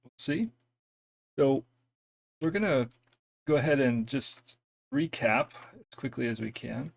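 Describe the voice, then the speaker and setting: Gravelly man hosting a tech live stream. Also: medium pitch, lively intonation, a little slow. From US East Coast. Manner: hesitant, many fillers, self-deprecating. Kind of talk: casual technical live stream.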